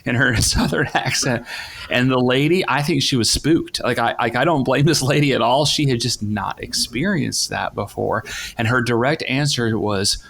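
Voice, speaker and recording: A man's voice: medium pitch, moderate pace, vocal fry, fairly bright tone. A middle-aged man from the northern United States hosting a conversational podcast, telling stories in a chatty way with frequent restarts. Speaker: podcast host. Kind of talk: casual conversational interview.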